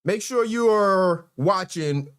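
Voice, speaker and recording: A man's voice: sits high, animated, slow, smooth. Laid-back man hosting a live chat. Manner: laid-back, laughs often, says "man". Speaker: livestream host. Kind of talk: casual chat.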